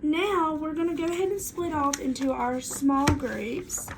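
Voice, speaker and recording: A woman teacher reads aloud and leads a reading lesson for young children, speaking clearly in a sing-song classroom manner. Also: sits high, fairly even intonation, measured pace, background noise.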